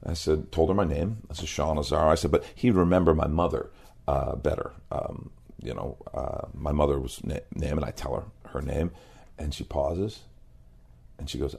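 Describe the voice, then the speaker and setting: Very deep husky male storyteller. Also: normal speed. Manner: lively anecdote teller who quotes others. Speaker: pastor and guest. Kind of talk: casual interview storytelling.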